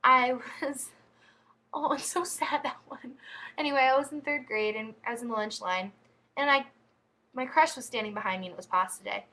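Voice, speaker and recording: A woman's voice: high voice, moderate pace, pushed and bright. A woman vlogging, telling embarrassing stories in a chatty, giggly, rambling way. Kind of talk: casual storytelling to camera.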